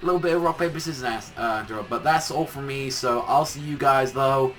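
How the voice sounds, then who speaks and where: Young guy ranting casually, lots of swearing, goofy mock voices, mid-pitched. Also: fairly quick, a bit bright, soft background music. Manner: rambling, profane, mocking voices of characters. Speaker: anime reviewer. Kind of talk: casual spoken review.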